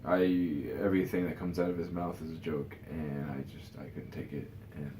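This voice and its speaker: An extremely low-pitched, warm voice with little pitch movement carries this tired vlogger's rambling opinions at a moderate pace, full of "you know" fillers and restarts. There's reverb and a faint hiss or hum.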